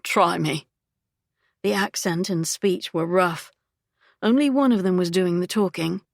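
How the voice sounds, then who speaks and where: Gravelly-voiced woman narrating an audiobook. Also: on the low side, normal speed, darkish tone, no echo, studio quality.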